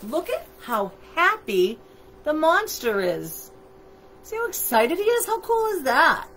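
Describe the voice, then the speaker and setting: A woman's voice: sits high, huge pitch swings, slow, fairly bright tone, a little hiss or hum. A woman reading a picture book aloud to children on a livestream, chatty and asking her listeners questions, through a computer microphone. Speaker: storytime reader.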